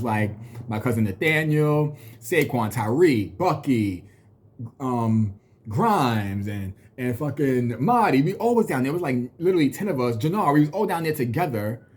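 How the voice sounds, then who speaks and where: With an expressive mid-range voice that has a breathy edge, a man in his thirties vlogs a casual storytelling rant, talking a little fast. He vents bluntly and profanely, dropping into mocking impressions of what people said.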